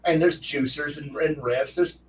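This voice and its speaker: A man's voice: a little high, measured pace. A man hosting a casual talk show, rambling and cursing freely as he muses about tabletop games. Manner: profane, rambling, animated with restarts. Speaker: host. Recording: roomy echo, distant from mic, faint noise.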